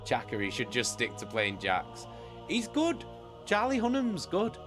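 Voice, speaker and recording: A man's voice: on the high side, huge pitch swings, unhurried, over music. A British man chatting casually with viewers as a streamer, rambling and swearing freely. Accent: British English. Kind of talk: casual chat.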